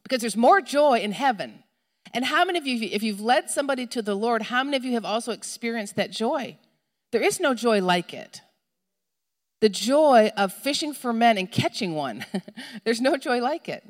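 A middle-aged woman delivers a sermon with animated storytelling and a fairly high voice. Her words ring out with a long reverb tail, as in a large hall. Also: moderate pace. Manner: animated storytelling, acts out shouting for a lost child. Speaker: preacher.

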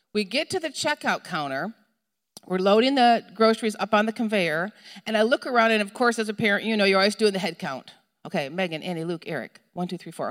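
A middle-aged woman preaching a sermon, telling a story with lively, acted-out moments and calls to the congregation. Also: medium pitch. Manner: animated storytelling, acts out shouting for a lost child. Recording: long hall reverb.

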